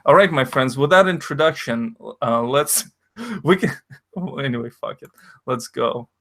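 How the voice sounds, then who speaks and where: A man's voice: mid-range voice, expressive, a little slow, fairly bright tone. A man whose first language is Russian, hosting a stream in a rambling, profane, jokey way. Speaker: stream host. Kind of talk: casual stream chat.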